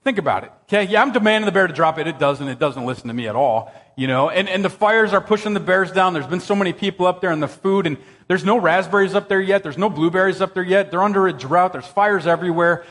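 A man preaching a sermon, telling a personal story in an animated, excitable way that jumps up into high exclamations. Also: quick pace, hardly any pauses. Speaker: pastor. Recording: long reverb of a church hall.

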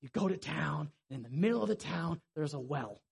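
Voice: mid-range voice, lively intonation, a little fast, creaky, breathy edge. A preacher giving a sermon in a conversational, vivid storytelling way.

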